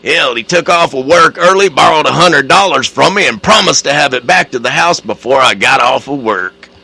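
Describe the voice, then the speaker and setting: A man playing a loud, hollering husband in a told joke, his voice pushed higher and forceful. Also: expressive, moderate pace, gravelly, slightly rough, exaggerated voice. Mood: gleeful.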